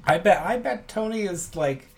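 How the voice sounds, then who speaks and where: A man's voice: sits high, lively intonation, moderate pace. Rambling man co-hosting a podcast. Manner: rambling, hesitant, musing. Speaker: podcast co-host. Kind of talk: casual podcast banter.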